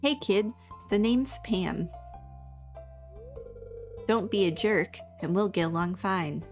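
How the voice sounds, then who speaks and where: A woman reading aloud the blunt lines of a gruff older woman. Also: mid-range voice, slow pace, soft background music, natural voice.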